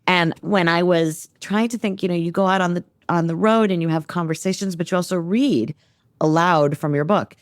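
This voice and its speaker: An American woman author talking animatedly about her novel and reading from it, self-deprecating and quick. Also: lowish voice, no room sound, studio quality. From United States. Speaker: author guest. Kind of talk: conversational interview and reading aloud from her novel.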